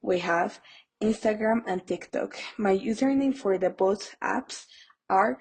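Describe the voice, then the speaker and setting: A woman's voice: medium pitch, a little slow, breathy edge, rough recording. A woman hosting a podcast, reading an audiobook aloud in a plain way with small stumbles. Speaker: podcast host, audiobook reader. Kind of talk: amateur audiobook narration.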